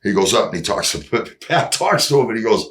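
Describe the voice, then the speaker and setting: A man, a drummer guest, telling stories in casual chat, animated, acting out what people said and swearing freely. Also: fairly low pitch, fairly quick, roomy sound. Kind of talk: casual storytelling.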